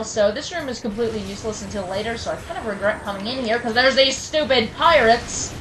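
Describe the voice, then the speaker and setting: A rather high-voiced woman talks through a video game in a relaxed, chatty way. She pokes fun at herself and snaps in mock anger at the enemies on screen. Game music plays clearly behind her. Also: poor audio. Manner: chatty and self-mocking, with sudden mock-angry outbursts at enemies. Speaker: let's play commentator. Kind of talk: casual gameplay commentary.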